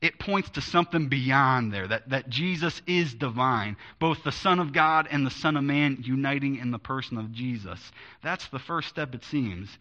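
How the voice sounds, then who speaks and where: A man's voice: medium pitch, moderate pace, few pauses, bright, forceful tone. Earnest emphatic male preacher, lo-fi. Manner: earnest, emphatic, repeats key phrases. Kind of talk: expository Bible teaching. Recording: dull lo-fi sound.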